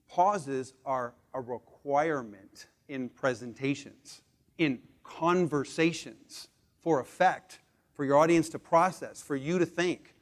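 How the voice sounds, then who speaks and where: A man in his forties teaches a live room how to present. His voice sits a bit high for a man, and he drives his points hard, racing ahead and then braking into slow, deliberate pauses. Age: 40s. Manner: emphatic, swings between punchy speed and slow deliberate pauses. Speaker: presentation skills trainer. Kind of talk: live training talk to a room.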